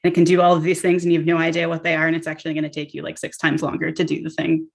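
A woman's voice: low voice, monotone, very fast, gravelly, breathy edge. A woman interviewer asking questions in a chatty, casual way full of fillers. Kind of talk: conversational interview.

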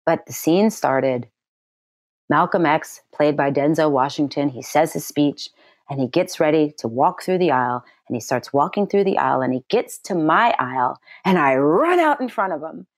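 A middle-aged actress telling a personal story in an interview, animated and acting out what people said in a high, excited voice. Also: female voice, moderate pace, no echo, studio quality. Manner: lively storyteller who acts out quotes in a high excited voice.

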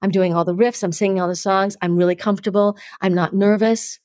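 A woman actress, a guest telling an anecdote, acting out what others said in lively voices. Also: mid-range voice, a little fast, dry recording, clean studio sound. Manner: lively, acts out quoted people. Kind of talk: storytelling anecdote in interview.

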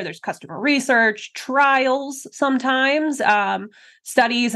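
A woman's voice: mid-range voice, a bit bright. Bubbly woman hosting a webinar. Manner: bubbly, laughs often, filler-heavy. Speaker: podcast host.

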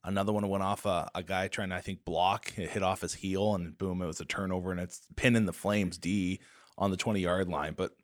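A man's voice: low voice, steady tone, brisk, dry recording, studio quality. A man co-hosting a sports talk show, recapping game plays.

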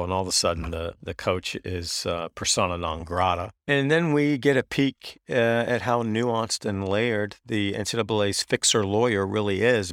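A man's voice: low-pitched, creaky, fairly bright tone, no echo, studio quality. A man giving a casual, sarcastic recap of a movie, retelling its scenes and quoting lines with mock emphasis. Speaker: podcast host. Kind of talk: casual film recap and commentary.

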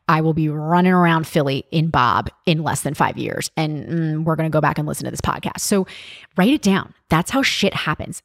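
A woman's voice: low-pitched, no room sound, studio quality. Candid, profane woman podcast host. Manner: candid, profane, chatty with many fillers. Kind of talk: casual podcast monologue.

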